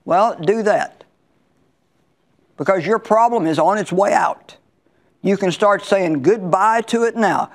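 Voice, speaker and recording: A woman's voice: medium pitch, takes it slowly, long pauses. A woman Bible teacher preaching a sermon in a conversational, emphatic way, repeating her key lines.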